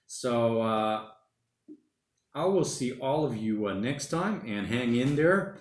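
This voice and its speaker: A man's voice: medium pitch, takes it slowly, echoey room. A man hosting a casual livestream from home, reading viewer comments and rambling easily, often saying mate and bloody. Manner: rambling, relaxed, says mate and bloody a lot. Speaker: livestream host. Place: home during lockdown.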